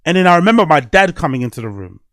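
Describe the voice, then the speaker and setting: A man's voice: on the high side, very animated, racing, fairly bright tone, no echo, studio quality. A man hosting a podcast, telling a personal story in a rambling, candid way, swearing often. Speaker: podcast host. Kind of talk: casual podcast monologue.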